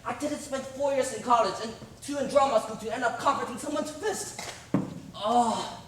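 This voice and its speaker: A woman's voice: normal speed, close to an everyday voice. A woman on stage playing a frustrated young male television actor who complains in an exasperated, whiny way. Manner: exasperated, whiny complaining with big pitch swings. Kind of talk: amateur stage play. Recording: distant echoey stage recording with faint hiss.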